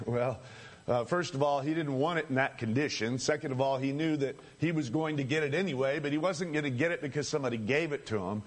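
A man's voice: medium pitch, a little fast. A man preaching a sermon, calling his listeners friends, repeating phrases for emphasis and chuckling between points.

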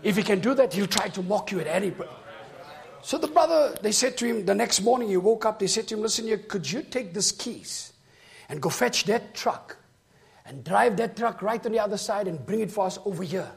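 A man preaching a sermon. He tells a story and then builds to shouted, rhythmic preaching. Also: high voice, lively intonation, a little fast, vocal fry.

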